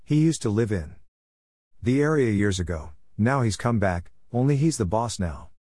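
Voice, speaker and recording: A man's voice: on the low side, lively intonation, moderate pace, darkish tone, dry recording, studio quality. A man voicing a wary police sergeant explaining matters to a priest. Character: wary middle-aged male police sergeant.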